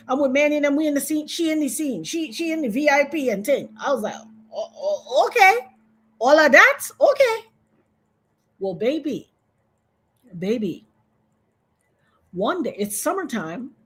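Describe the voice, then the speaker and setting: A woman from Trinidad, a guest on a video-call interview, telling a story in an animated way and acting out the voices of other people. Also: husky. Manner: animated, acts out quoted voices with big pitch jumps.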